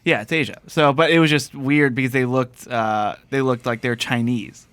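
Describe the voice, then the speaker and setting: Man, podcast host, rambling story, laughs often, mid-pitched, dry close mic. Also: steady tone, moderate pace, a bit bright, clean tone, no echo. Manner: rambling anecdotal, laughs a lot. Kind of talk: casual chat, storytelling.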